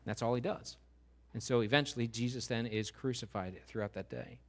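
Man preaching an animated sermon. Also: mid-range voice, a little fast. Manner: animated preaching with rising emphatic questions. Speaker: pastor.

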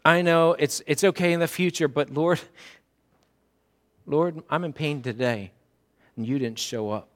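A man's voice: on the high side, measured pace, long pauses, a bit bright. A male preacher voicing a grieving woman who pleads insistently in a sermon retelling. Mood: pleading.

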